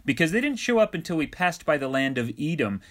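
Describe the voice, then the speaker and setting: Guy doing a stubborn defiant mom, raised voice, loud and sure of herself. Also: fairly high pitch, big pitch swings, quick pace, pitched above the performer's own voice. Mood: matter-of-fact. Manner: defiant, self-righteous. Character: stubborn protective mother, woman.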